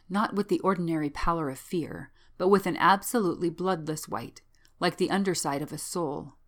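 A woman narrating a story in scripted, measured, deliberate reading. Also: sits low.

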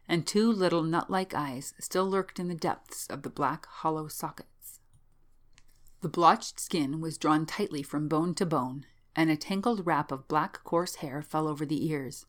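A woman narrating a story in scripted, measured, deliberate reading. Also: low-pitched.

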